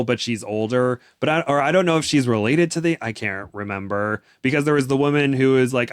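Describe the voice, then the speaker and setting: A young man co-hosts a casual chat, recapping a novel in an animated way with plenty of restarts. His voice sits in a middle pitch. The recording is dry and close. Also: fairly quick, clean tone, no echo. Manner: animated, does excited voices for quotes, many restarts. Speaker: podcast co-host.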